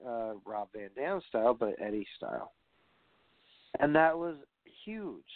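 A man's voice: mid-range voice, dry recording. A man giving a rambling, profane rant as a wrestling commentator, sounding exasperated. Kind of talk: ranting podcast commentary. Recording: dry tinny phone-like audio.

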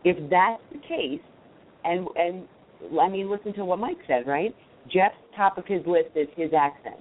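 A woman from Queens with a deep voice and a New York accent, talking emphatically in a casual panel discussion. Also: lively intonation, moderate pace, slight background noise. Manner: emphatic, insistent. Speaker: recruiting panelist. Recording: tinny phone-like line.

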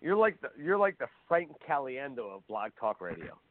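A man's voice: mid-range voice, big pitch swings, moderate pace. A man chatting bluntly and rambling on a call-in radio show, heard over a phone-line connection. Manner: blunt, rambling, repeats himself. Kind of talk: casual chat.

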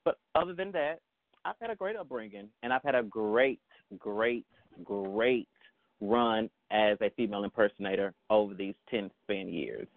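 A man's voice: lowish voice, animated, moderate pace, no echo. Sassy Texan man on a phone line. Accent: Southern US (Texas). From Dallas, Texas. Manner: sassy, drawling, calls people baby. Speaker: guest, female impersonator. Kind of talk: casual interview. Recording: dry, tinny phone line.

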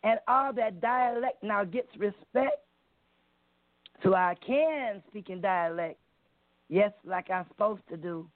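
A woman's voice: mid-range voice, animated, slow pace, dry recording. A woman calls in to an open mic and performs a poem aloud. Her delivery is rhythmic and emphatic, and she plays with dialect as she recites. The sound is dry and thin, like a phone line. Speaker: open mic poet caller. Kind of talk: spoken word poetry reading. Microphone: phone call.

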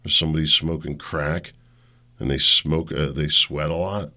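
A man's voice: extremely low pitch, steady tone, normal speed, bright, forceful tone. A man hosting a solo political talk show, blunt and sarcastic, rambling with restarts.

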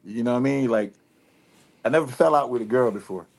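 A man with a Detroit accent, guest on a radio interview, talking in a relaxed, rambling way full of fillers and restarts. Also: mid-range voice, quick pace, vocal fry. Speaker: rapper guest. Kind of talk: casual interview talk.

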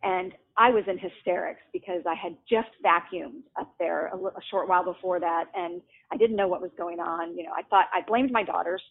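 A woman's voice: on the low side, a little fast, gravelly, hardly any pauses. A middle-aged woman, a guest author, telling personal stories in a casual, chatty way, laughing often and restarting sentences. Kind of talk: casual storytelling. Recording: tinny phone line.

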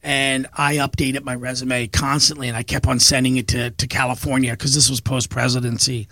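A man's voice: mid-range voice, flat delivery, a little fast, pushed and bright, no echo. A middle-aged man, a business owner and podcast guest, telling stories from his working life in an eager, earnest way and repeating words as he goes. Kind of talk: storytelling in a podcast interview.

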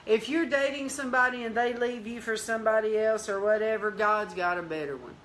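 A woman host of a Christian teaching show recounts a personal testimony, playing out each person's lines as she goes. Her voice is bright and forceful, and she moves between plain storytelling, exclamations of praise and prayer. Faint noise sits underneath. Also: a little high, fairly quick. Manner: lively storyteller, acts out dialogue, bursts into praise.

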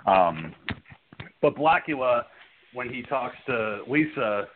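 A man's voice: mid-range voice, expressive, slow pace, slight background noise. A man hosting a casual horror film review podcast, laughing often and swearing freely as he retells scenes. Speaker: podcast host. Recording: tinny phone-like line.

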